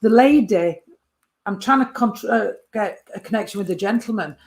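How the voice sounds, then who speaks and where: A woman's voice: medium pitch, normal speed. A woman, giving a medium's reading from a photo and calling the sitter sweetheart and darling. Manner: warm endearments, calls the sitter sweetheart and darling.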